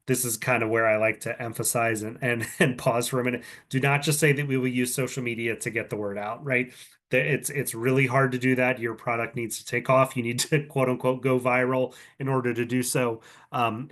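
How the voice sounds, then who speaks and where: A man with an ordinary mid-range voice presents slides over a video call, explaining things in a loose, conversational way. He fills pauses with ums and circles back on his words as he talks entrants through what to include. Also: mid-range voice, a bit bright. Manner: casual, filler-heavy, conversational explaining with frequent ums. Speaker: competition organizer presenting to student entrants. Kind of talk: recorded online presentation. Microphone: computer mic on a video call.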